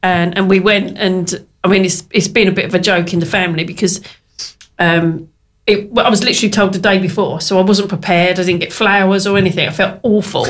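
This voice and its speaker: Woman guest, casual anecdote teller, laughs through her stories. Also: medium pitch. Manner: chatty, laughing, animated retelling. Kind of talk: casual chat, storytelling.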